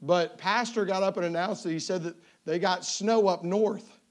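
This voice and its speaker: A visiting evangelist from Tennessee, this man speaks with a Southern accent in a high, steady voice at normal speed. Opening his sermon in a church sanctuary, he is folksy and joking, often stumbling and starting over.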